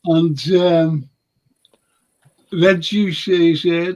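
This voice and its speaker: Gravelly high-voiced male show host. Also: fairly even intonation, measured pace, muffled recording. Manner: jokey, reads comments aloud, slips into playful impressions. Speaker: show host reading viewer comments. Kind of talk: casual live fan-show chat.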